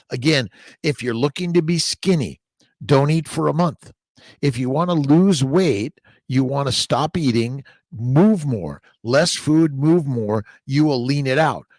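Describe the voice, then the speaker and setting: A man's voice: mid-range voice, a little mellow, no echo, studio quality. A man hosting a casual livestream, reading out viewer comments and greeting them in a rambling, upbeat way. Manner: rambling, upbeat, repeats catchphrases and restarts words. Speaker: livestream host.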